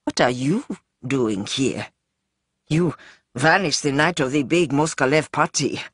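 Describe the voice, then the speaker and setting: A man's voice: medium pitch, unhurried, fairly bright tone, breathy edge, dry recording, studio quality. A narrator voicing a frightened young man trapped in a cage, who pleads desperately and halts between words. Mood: desperate, pleading.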